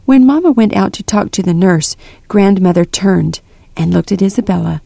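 A woman narrating a storybook in an even, measured reading voice. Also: mid-range voice, creaky, no room sound, clean studio sound. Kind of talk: storybook read-aloud narration.

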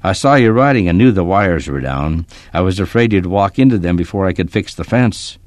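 A man voicing a calm, gentle old ranch hand who speaks softly, in few words, and kindly but firmly. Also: deep voice, brisk, no room sound, clean studio sound. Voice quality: calm, gentle, soft-spoken.

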